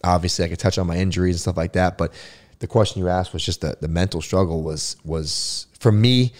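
A man's voice: sits low, fairly even intonation, a little fast. A man, a former pro football player, talking as a guest in a casual interview, reflective and emphatic, often repeating words as he restarts.

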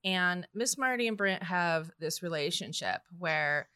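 A woman's voice: on the low side, expressive, unhurried, pushed and bright, smooth, dry recording, clean studio sound. A woman co-hosting a casual podcast chat, telling stories animatedly and laughing often. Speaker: podcast co-host.

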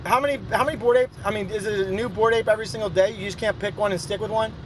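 A man's voice: high voice, steady tone, racing, slight background noise, rough recording. A man hosting a casual live audio chat, joking and sarcastic as he talks with his guests. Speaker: host.

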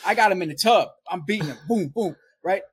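A man's voice: high voice, expressive, fast talker, breathy edge. A young man telling a story in a conversation, in a loose, rambling way full of "like" and "right?". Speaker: interview guest.

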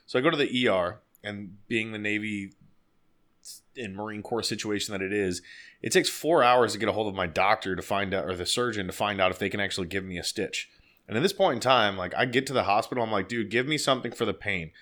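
Profane, animated storytelling man. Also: on the low side, fast talker. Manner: profane, animated, laughing as he tells it. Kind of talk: casual storytelling.

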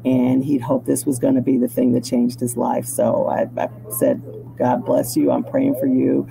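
A middle-aged woman from Chicago, a news journalist, telling her story as a guest in a reflective conversational way that grows animated at the high points. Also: moderate pace, vocal fry, over music, rough recording.

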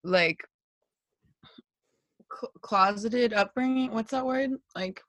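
A woman's voice: fairly high pitch, slow, a bit bright, no echo, studio quality. A young woman hosting a casual podcast chat, rambling and self-deprecating with hesitant, searching phrasing. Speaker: podcast host.

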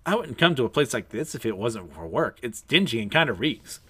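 A man's voice: mid-range voice, sing-song, fairly quick, sharp tone, breathy edge, exaggerated voice. A man voicing a stern, ambitious young female samurai who speaks bluntly and in a businesslike way.

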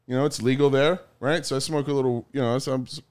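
A man casually telling a story among friends, animated, swearing a lot and acting out the quotes. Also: mid-range voice, fast talker, clear, resonant tone.

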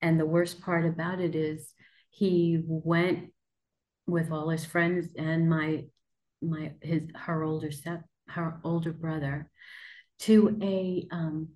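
A woman from New York hosting a podcast interview, speaking in a measured storytelling way. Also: deep voice, flat delivery, a little mellow, poor audio. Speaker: podcast host. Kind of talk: conversational interview.

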